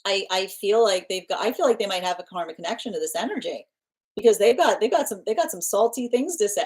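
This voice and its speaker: A woman giving a live tarot reading, talking in a rambling way with many restarts and repeated phrases, breaking into sudden animated bursts. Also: fast, low-quality recording. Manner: bursts into laughter and animated pitch jumps. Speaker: tarot reader.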